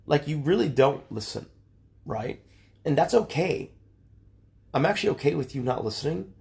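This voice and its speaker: A man's voice: mid-range voice, vocal fry, a little mellow. Man, 30s, livestreamer mid-argument; exasperated, lecturing, heavy swearing, faint music behind. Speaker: streamer.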